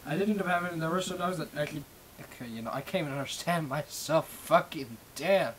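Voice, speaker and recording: The recording is rough, with slight background noise, as a man with a higher-sitting voice rants quickly on a live stream via webcam mic. A Minecraft server staff streamer, he rambles, swears often, mocks himself, and struggles with sh and ch sounds.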